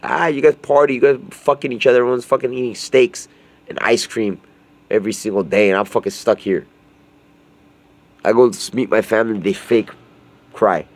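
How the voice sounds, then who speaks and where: A man's voice: medium pitch, normal speed, long pauses. A young man, just woken up, rambling crudely and jokily in a casual vlog monologue, swearing often.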